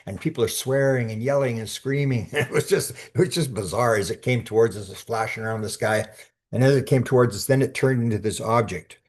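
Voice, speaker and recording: A man's voice: fairly low pitch, brisk. An older man, a podcast guest telling a long anecdote in a rambling way, full of restarts and repeated words. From Canada. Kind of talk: storytelling in conversation.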